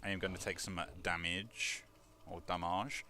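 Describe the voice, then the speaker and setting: A man's voice: low voice, flat delivery, moderate pace, bright, forceful tone, a little hiss or hum. A young man giving casual, rambling commentary while playing a video game, chuckling and using lots of fillers. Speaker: let's play gamer.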